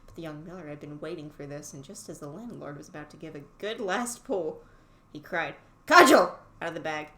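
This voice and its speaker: A woman's voice: deep voice, brisk, echoey room, slight background noise, low-quality recording. A woman reading a fairy tale aloud casually, breaking off for irreverent, swearing asides. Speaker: reader and host.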